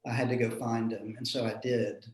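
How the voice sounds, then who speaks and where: A man, a minister telling a personal story in an earnest, reflective way with soft chuckles. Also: medium pitch, level tone, fairly quick. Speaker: minister in a panel discussion. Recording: roomy echo.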